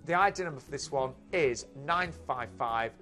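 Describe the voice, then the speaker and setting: A man co-hosting a cruise sales show, lively and reading out offers. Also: mid-range voice, normal speed, faint music behind. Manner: lively, laughs easily, reads out deals. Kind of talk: sales presentation.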